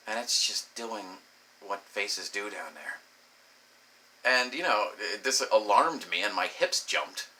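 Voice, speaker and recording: Animated, bright-voiced man telling crude stories. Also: medium pitch. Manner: animated, profane, acts out voices in quotes. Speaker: comedic storyteller. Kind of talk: crude comedic monologue.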